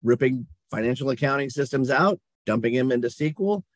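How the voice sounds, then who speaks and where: A middle-aged man, a company CEO, telling stories in a casual interview, animated, often laughing and acting out what people said. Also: mid-range voice, fairly quick, no echo.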